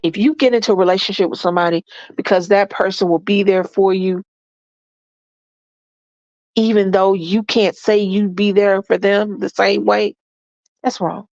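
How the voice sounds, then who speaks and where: A woman's voice: mid-range voice, fairly even intonation, moderate pace, long pauses, a little mellow, dry recording, dull audio. Congested woman giving relationship advice. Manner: folksy, preachy, addresses listeners as y'all and baby.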